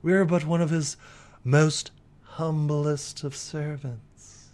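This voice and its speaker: A man voicing a sly, smooth-talking male fox made of fire, oily and flattering, speaking slowly. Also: fairly high pitch, pitched above the performer's own voice. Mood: fawning.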